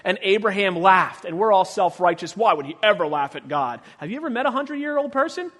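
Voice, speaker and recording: A man preaching a sermon as pastor, telling stories with humor and acting out the quotes, his voice swinging from quiet to loud. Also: sits high, expressive, fast. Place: church sanctuary. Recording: long church reverb.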